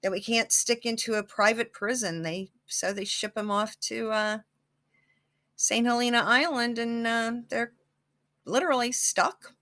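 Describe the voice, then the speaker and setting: Slow, bright-voiced woman psychic chatting. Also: on the high side, steady tone. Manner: rambling, many fillers and restarts. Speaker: psychic channel host. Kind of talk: casual chat.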